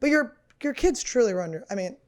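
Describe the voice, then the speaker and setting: A woman's voice: fairly high pitch, animated, brisk. A woman in her thirties hosting a podcast, riffing through a casual comedic monologue in a crude, rambling, profane and self-mocking way. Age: 30s.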